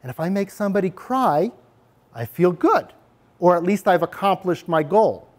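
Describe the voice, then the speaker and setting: A man's voice: sits high, lively intonation, moderate pace. A man giving a talk on bullying prevention to parents, animatedly speaking in the first person as a bully. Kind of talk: lecture with role-play.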